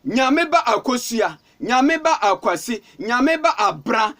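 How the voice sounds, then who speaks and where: A man with a Ghanaian accent preaching with fervour. His voice sits very high and swings widely up and down as he repeats himself and calls out. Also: big pitch swings, a little slow, sharp tone. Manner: fervent, repetitive calling out. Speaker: pastor. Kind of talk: sermon.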